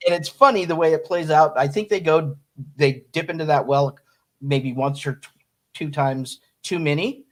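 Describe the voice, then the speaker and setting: A man with a fairly high voice chats casually about a film as a co-host. He speaks haltingly, restarting phrases and leaning on fillers as he thinks. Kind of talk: casual review chat.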